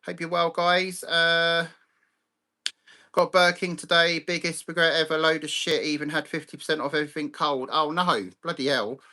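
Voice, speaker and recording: Live-stream host, man, bright and forceful, blunt and sweary. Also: a little high, fairly even intonation, moderate pace. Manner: blunt, sweary, ranting, greets chat viewers by name. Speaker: livestream host.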